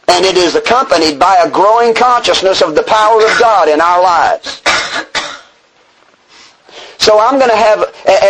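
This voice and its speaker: A man's voice: high-pitched, a little hiss or hum, low-quality recording. A man from Texas speaking at a recovery meeting. He preaches earnestly, reading a passage and then explaining it, with self-deprecating asides. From Texas, USA. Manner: self-deprecating humor with chuckles. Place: meeting room before a group.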